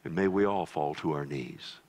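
A pastor preaching a sermon, dramatic, dropping into low hushed tones for emphasis and calling the listeners "loved one". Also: male voice, animated, normal speed.

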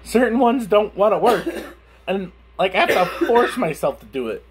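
A man's voice: sits high, very animated, moderate pace, husky. A young man chatting casually on his vlog, speaking with a lisp from a burned tongue, laughing and swearing as he stumbles over words. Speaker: YouTuber.

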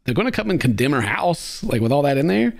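A man's voice: fairly high pitch, big pitch swings, fast, vocal fry, dry recording, clean studio sound. A man hosting a reaction video, joking and sarcastic in casual commentary. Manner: joking, sarcastic, laughs often.

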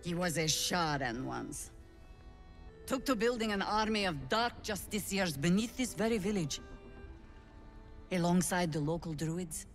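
A woman voicing a stern veteran leader of a resistance band in a video game, speaking in a grave, commanding manner with a foreign-sounding accent. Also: fairly low pitch. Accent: foreign-sounding, not named.

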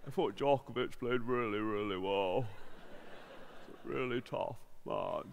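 A man doing an impression of a glum Scottish male tennis player, with a put-on Scottish accent, in a flat, low, mumbled deadpan. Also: a little slow, gravelly, dull audio, slight background noise.

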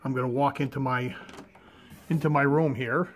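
Casting: everyday man, mid-pitched voice, unpolished home vlog delivery, hesitant and meandering. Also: fairly even intonation, moderate pace. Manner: rambling, hesitant, lots of fillers and restarts. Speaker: comic art collector. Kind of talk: casual show-and-tell vlog. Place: his own room at home.

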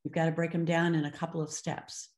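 An older woman gives a webinar lecture on child language, with a voice pitched a little low for a woman. She talks expressively and acts out the phrases she quotes in other voices. The sound carries a roomy echo. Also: fast talker. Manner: expressive, slips into voices when quoting children and parents. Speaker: speech-language clinician presenting.

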